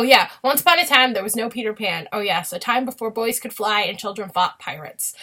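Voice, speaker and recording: Young woman, casual vlogger, bright tone, gushing and filler-heavy. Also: mid-range voice. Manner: gushing, chatty, many fillers. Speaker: vlogger reviewing a musical. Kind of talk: casual chat.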